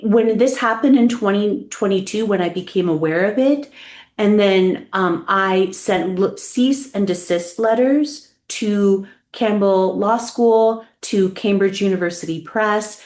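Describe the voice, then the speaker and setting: A woman's voice: medium pitch, darkish tone. Impassioned woman guest in an echoey room. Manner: impassioned and repetitive, angry. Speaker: podcast guest. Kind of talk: podcast interview.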